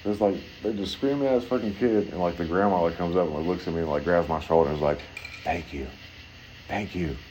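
A man's voice: racing, hardly any pauses, darkish tone, slight background noise, rough recording. A man telling a long, rambling story in casual, profane chat. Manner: rambling, heavy swearing, acts out voices in high pitch.

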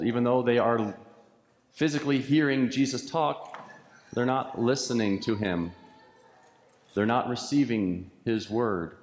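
A pastor preaching a sermon with an earnest, repetitive preaching cadence, heard in a church sanctuary. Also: male voice, lowish voice, a little mellow, slight background noise. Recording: echoey church hall with long reverb.

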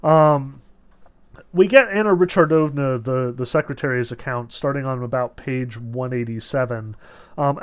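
A man's voice: medium pitch, moderate pace, clear, resonant tone. A man casually talking through a novel, reading passages aloud, with frequent "like" and "you know" and amused asides. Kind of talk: casual book discussion with read-aloud passages.

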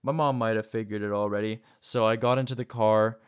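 A man's voice: lowish voice, steady tone, brisk, smooth. A young man casually telling a personal story, rambling with many fillers and restarts. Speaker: vlogger.

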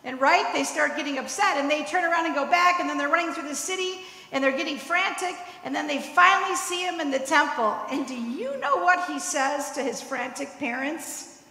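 Woman preacher with a high, bright voice who tells stories and checks in with "right?", heard in a reverberant hall. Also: animated, a little fast. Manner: storytelling, tagging points with "right?". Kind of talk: sermon. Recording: echoey hall with long reverb.

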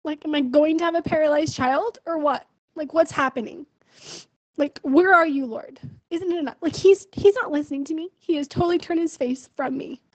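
A woman's voice: sits high, moderate pace, no room sound, rough recording. A young woman venting her frustration in a personal video diary, emotional and full of fillers. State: pregnant. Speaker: vlogger.

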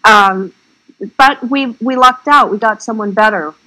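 A woman's voice: on the high side, measured pace, sharp tone, low-quality recording. A woman film director in a casual interview, talking in a chatty, rambling way with frank, salty remarks.

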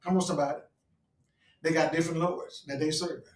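A man in delivers a sermon with a fairly high voice, drawing out his key lines slowly before rushing ahead. He talks to his listeners in call-and-response style. The sound is roomy and he stands back from the mic. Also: steady tone, far from the mic. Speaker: preacher.

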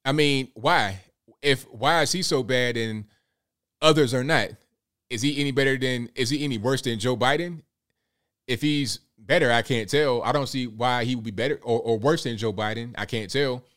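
A man's voice: medium pitch, normal speed, fairly bright tone. A man talking through his opinions in an offhand, rambling monologue. His tone turns sarcastic, and his sentences are full of fillers and restarts. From United States. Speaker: commentator. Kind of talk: casual opinion commentary.

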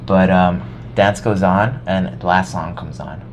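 A young man telling a high school story in casual chat, animated, swearing often and acting out his past self. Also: measured pace, slight background noise.

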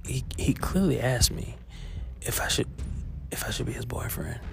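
A man's voice: mid-range voice, creaky, a little hiss or hum. A man, a teacher on his break, telling a personal story in a casual confessional monologue, chatty, full of fillers and laughs, swearing freely. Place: school, on a break.

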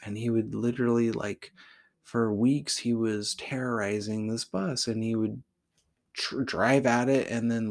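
A man's voice: medium pitch, vocal fry. A man in his thirties from Oregon hosting a podcast, telling personal stories in a rambling, blunt way and saying "like" constantly. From Oregon, USA. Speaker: podcast host. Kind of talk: casual personal storytelling.

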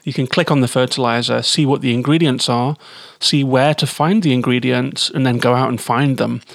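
A man's voice: medium pitch, fairly even intonation, normal speed, gravelly, dry recording, studio quality. A man giving a chatty, enthusiastic spoken game review.

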